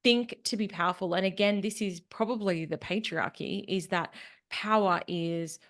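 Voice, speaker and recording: A woman's voice: mid-range voice, normal speed, a bit bright. A woman speaking coach as a podcast guest, talking animatedly and acting out quotes in mock voices. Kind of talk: casual interview chat.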